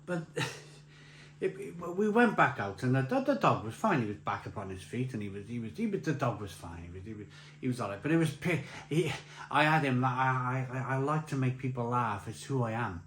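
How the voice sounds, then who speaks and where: Animated and a bit bright, this man's mid-range voice moves at a moderate pace as he laughs his way through a rambling beer-vlogger story full of restarts. He's at a beer festival, and the audio carries a roomy echo, faint ambience, and slight background noise.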